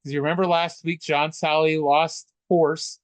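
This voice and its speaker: A man's voice: fairly high pitch, level tone, moderate pace, smooth, no echo. A man co-hosting a casual wrestling podcast, chatty and stammering through restarts, swearing freely. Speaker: podcast co-host. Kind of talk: casual wrestling recap chat.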